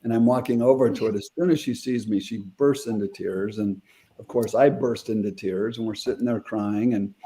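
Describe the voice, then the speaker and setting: A man's voice: on the low side, steady tone, moderate pace, dark tone. A middle-aged man, a guest on an interview show, earnestly retelling a personal story with quoted dialogue.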